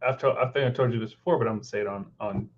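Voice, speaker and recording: A man's voice: fairly low pitch, very fast. A man co-hosting a casual chat, rambling and circling back to repeat his words. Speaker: podcast co-host. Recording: dull lo-fi recording.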